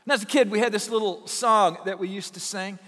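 A man's voice: sits high, brisk, a bit bright, long reverb tail. A pastor from Southern Illinois preaching a sermon, telling folksy, humorous stories to his congregation. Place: church sanctuary.

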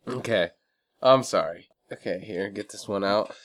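A married man co-hosting a casual beer-tasting podcast, laid-back and telling dry deadpan jokes. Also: on the low side, normal speed. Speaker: podcast co-host. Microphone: studio microphone.

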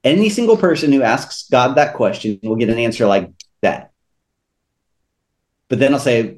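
A man's voice: medium pitch, moderate pace, pauses often. Earnest man talking faith and money. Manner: earnest, animated storyteller with frequent restarts. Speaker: returning podcast guest. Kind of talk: faith-based podcast conversation.

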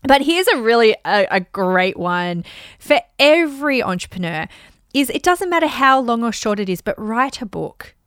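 A woman hosting a casual talk on money mindset, chatty and animated, acting out bits of dialogue. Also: fairly high pitch, moderate pace, smooth, no room sound, clean studio sound. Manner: chatty and animated, acts out dialogue in bright voices. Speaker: host and money mindset coach. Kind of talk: casual teaching monologue.

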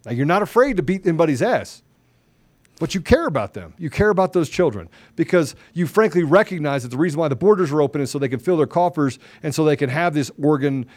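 A middle-aged man co-hosting a talk show, telling a story in quoted dialogue and turning low and soft when serious. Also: animated, fast talker, no room sound. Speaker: show co-host. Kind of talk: conversational storytelling.

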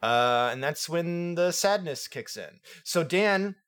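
A man co-hosting a casual film review chat, animated and acting out characters' lines as he retells scenes. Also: a little high, takes it slowly. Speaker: podcast co-host.

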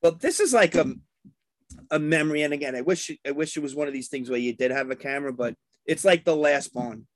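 A man's voice: on the high side, a little fast, no echo. Man rambling through a story in a dry room. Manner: rambling storyteller acting out quotes. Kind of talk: casual reminiscing chat.

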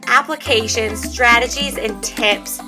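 A woman's voice: fairly high pitch, unhurried, over music. A young adult woman hosting a podcast, talking in an upbeat, chatty way and repeating phrases for emphasis. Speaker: podcast host. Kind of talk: casual podcast chat.

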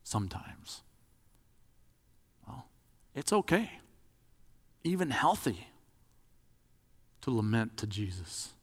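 A man's voice: on the low side, big pitch swings, slow pace, pauses often. Conversational man preaching in an echoey hall. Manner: conversational, demonstrative. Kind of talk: sermon.

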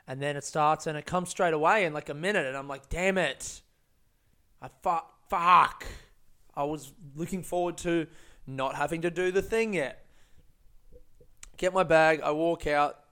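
A man's voice: fairly high pitch, normal speed, clear, resonant tone. A man telling a personal story in a casual monologue, rambling and profane with many fillers and restarts.

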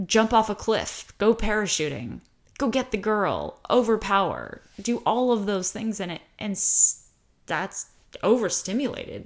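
An American woman explaining a topic in a casual monologue, animated and given to acting out quoted voices. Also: measured pace. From United States. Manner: animated, acts out quoted voices with pitch jumps. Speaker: host talking about high sensitivity.

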